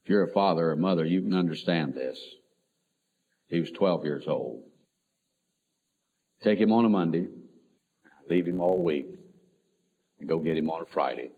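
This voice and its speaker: A middle-aged man, a pastor, telling an emotional personal story in a sermon, swinging between loud and soft. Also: deep voice, normal speed, long pauses, husky. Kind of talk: sermon testimony. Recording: tinny phone-like lo-fi recording.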